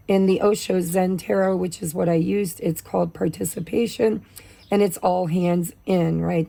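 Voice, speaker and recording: Gravelly woman reading tarot. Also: on the low side, warm tone. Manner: chatty, with many fillers. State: losing her voice from allergies. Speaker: tarot reader.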